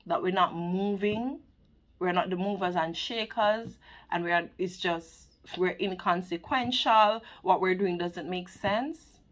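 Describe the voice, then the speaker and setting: A woman hosting her own channel, speaking straight to the camera in an earnest, preachy motivational talk about faith, and laughing often. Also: on the low side. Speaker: channel host.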